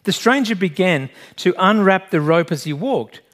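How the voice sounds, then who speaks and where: Earnest male preacher, slightly high voice. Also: expressive, normal speed, a bit bright. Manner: earnest, direct, asks the congregation questions. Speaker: pastor. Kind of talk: sermon.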